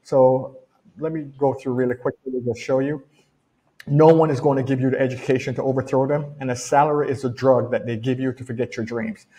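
A middle-aged man with a Jamaican accent talks like a personal development coach. He speaks casually but with emphasis, driving his points home by repeating phrases. His voice sits at an ordinary middle pitch for a man. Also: steady tone, brisk, warm tone. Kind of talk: casual motivational talk. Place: home in rainy weather.

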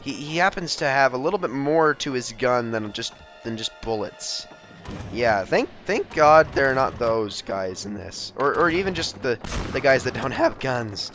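An excitable young man narrates his own gameplay, his voice leaping up and down with a lively pitch. His tone is bright and sharp, and he jokes and shouts at the characters on screen. Faint music sits behind him. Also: normal speed. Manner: excitable, jokey, talks to game characters. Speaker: gameplay commentator. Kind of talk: let's play commentary.

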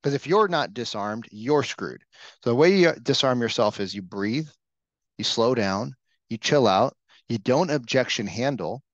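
Brief: male trainer, mid-pitched, casual coaching delivery, dry slightly dull lo-fi audio. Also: expressive, measured pace, no echo. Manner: casual, coaching, asks the room questions. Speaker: real estate sales trainer. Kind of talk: live training session talk.

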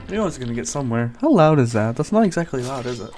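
A man's voice: mid-range voice, sing-song, racing, over music. A man giving casual gameplay commentary as a gaming YouTuber, joking and mock-serious while he chats at other players.

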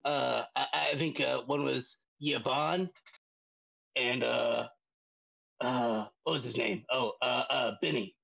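Man voicing a goblin prisoner, gravelly, husky, slow, stammering, tabletop game. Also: mid-range voice, fairly even intonation, a bit bright, highs cut off, heavily acted. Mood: stalling. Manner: halting, full of fillers.

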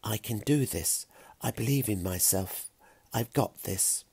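A man voicing a modest, nervous young girl archer who speaks hesitantly and softly. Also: medium pitch, expressive, moderate pace, dry recording, pitched above the performer's own voice. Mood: quiet. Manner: hesitant, soft-spoken.

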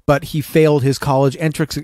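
Male podcast co-host, young adult, slightly high voice, dry close sound, reads from notes with offhand asides. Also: level tone, brisk, a little mellow, no room sound. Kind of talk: casual podcast storytelling.

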